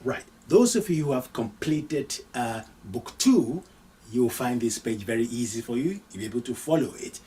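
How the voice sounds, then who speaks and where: A man's voice: mid-range voice, expressive, dark tone. Distant-sounding male Arabic teacher. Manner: slow, deliberate, repeats each phrase with translation. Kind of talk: live online language lesson.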